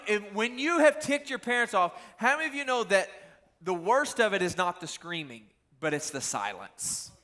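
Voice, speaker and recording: A young man preaching to a youth group in a relaxed, storytelling way. His voice sits a little high and has a bright, forceful edge. He turns to the crowd again and again with questions. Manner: animated storytelling, talks straight to the crowd. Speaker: youth pastor. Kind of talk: casual youth sermon.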